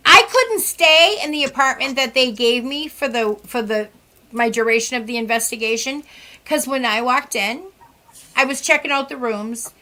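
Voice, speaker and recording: Bright high-voiced woman telling stories. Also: moderate pace. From Central West Massachusetts. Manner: animated, acts out quoted dialogue with sighs and laughs. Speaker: psychic medium guest. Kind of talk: casual storytelling chat. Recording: podcast interview.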